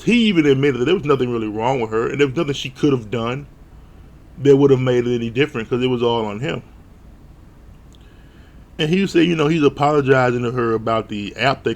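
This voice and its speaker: A man's voice: mid-range voice, creaky. A man giving a blunt, profane, casual recap of a reality show, retelling scenes with mock quotes. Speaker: show reviewer.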